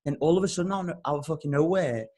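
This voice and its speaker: A young man on a podcast, telling a comic story with heavy swearing and loud, exasperated outbursts. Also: a little high, very fast, breathy edge. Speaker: podcast co-host.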